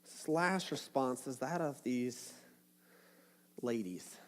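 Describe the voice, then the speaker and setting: A man's voice: medium pitch, animated, takes it slowly. A man preaching a sermon as a pastor, casual and playful, acting out little asides as he tells the story. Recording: long hall reverb.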